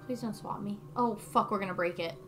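A woman playing a video game with her sister, loud and swearing, tossing playful insults. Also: medium pitch, fairly quick, faint music behind. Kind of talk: casual gaming banter. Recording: noisy home capture.

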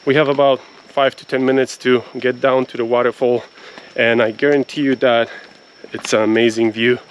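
A man's voice: medium pitch, flat delivery, normal speed, a little hiss or hum, rough recording. A man talking casually as a travel vlogger on a trail near a waterfall, chatty and upbeat, laughing often, on a handheld camera. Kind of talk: casual vlog narration.

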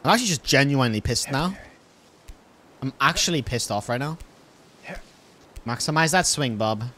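A man's voice: mid-range voice, lively intonation, normal speed, sharp tone, slight background noise. A man giving casual let's-play commentary, exasperated and swearing as he pleads with his game character. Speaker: gaming video host.

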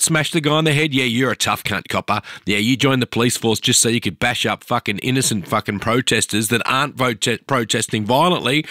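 A man's voice: medium pitch, bright, forceful tone, dry recording, clean studio sound. Ranting, profane Australian man. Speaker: video commentator. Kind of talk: angry commentary over protest footage.

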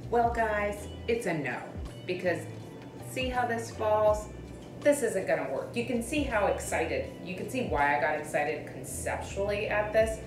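A woman's voice: mid-range voice, lively intonation, a little slow. A woman vlogging in a casual, chatty way, thinking aloud as she goes. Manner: chatty, thinks aloud, drops to a whisper at times. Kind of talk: casual vlog chat. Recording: echoey room with music behind.

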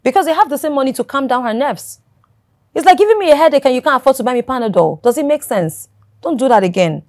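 A woman's voice: high voice, expressive, quick pace, darkish tone, no echo, studio quality. An actress playing a demanding young girlfriend with a Nigerian accent who nags and bosses her jobless man. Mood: irritated. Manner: nagging, bossy.

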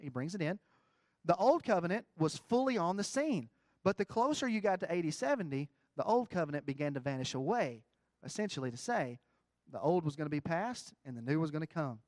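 A middle-aged man preaching a folksy sermon, swinging between quiet asides and loud, rising emphasis. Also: sits high, no echo.

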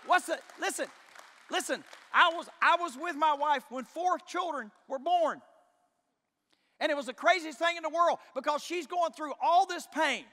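A middle-aged man preaching a sermon as pastor, impassioned, swinging from shouts to hushed tones. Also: very high-pitched, normal speed, long reverb tail, some chatter behind. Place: church sanctuary.

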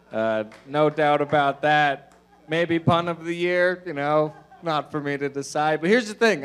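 A man doing a stand-up set in a comedy club, mumbling his asides and pushing his punchlines out loud. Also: fairly high pitch, smooth.

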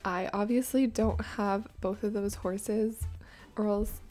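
A woman's voice: mid-range voice, steady tone, slow pace, a little mellow. A young woman chatting casually while editing and playing a horse game, laughing often, in a tired morning voice. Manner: chatty, giggly, self-deprecating. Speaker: gaming YouTuber. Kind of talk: casual gameplay commentary. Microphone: desk USB microphone.

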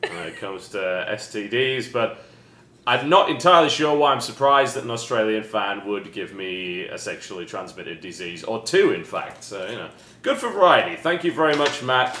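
A British man hosting a casual unboxing chat with dry, deadpan sarcastic humor. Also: on the low side, moderate pace. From Britain. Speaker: host. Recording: roomy echo with faint noise.

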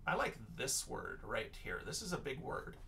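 A man's voice: medium pitch, huge pitch swings, moderate pace, gravelly, sharp tone, recorded from a distance. A male teacher giving an online lesson for young children, patient and encouraging, sounding out words letter by letter.

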